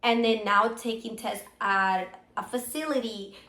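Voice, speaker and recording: A woman co-hosting a podcast in casual chat, still sick with a hoarse voice, rambling with many fillers. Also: a little high, measured pace, bright, forceful tone, roomy sound. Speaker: podcast co-host.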